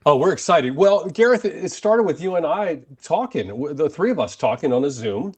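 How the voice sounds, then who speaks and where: A man's voice: a little high, lively intonation, brisk, husky. An American man co-hosting a podcast, chatting in an upbeat, jokey way and laughing often. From United States. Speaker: podcast co-host and radio presenter. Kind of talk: casual chat.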